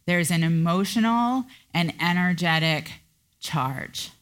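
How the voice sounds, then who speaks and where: A middle-aged woman hosts a solo coaching podcast, talking slowly and deliberately. Her voice sits fairly low. She brings her points to life by playfully acting out inner voices. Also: clear, resonant tone. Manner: animated, acts out inner voices in a high pitch. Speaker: podcast host and business coach.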